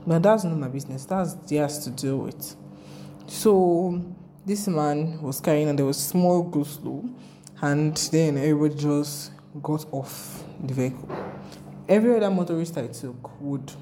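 A young Nigerian woman with a Nigerian accent, chatting casually in a vlog, telling her travel stories with animated, rambling asides. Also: low-pitched, unhurried, a little hiss or hum. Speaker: travel vlogger.

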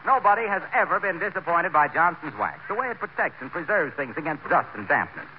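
An actor playing a cheerful, chummy pitchman with a hearty, folksy salesman manner, in 1940s radio comedy. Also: lively intonation, brisk, lightly acted. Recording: dull, faintly hissy old radio broadcast.

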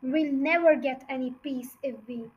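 A woman reading as a worried father fox with a high, bright voice. He speaks in urgent exclamations, the way a storybook father fox would. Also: fairly even intonation, moderate pace, lo-fi sound, lightly acted.

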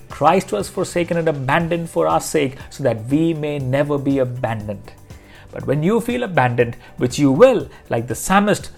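A man's voice: fairly high pitch, vocal fry. A man giving a devotional Bible teaching as a pastor, speaking earnestly and reading scripture passages aloud.

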